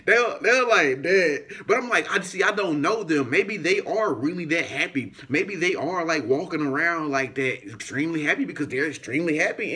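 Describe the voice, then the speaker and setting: A somewhat high-voiced man tells a rambling story straight to his viewers. He talks in a loose, casual way, full of fillers, and keeps jumping into other people's voices as he acts the story out. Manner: animated, acts out voices in anecdotes, frequent fillers. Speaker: YouTuber.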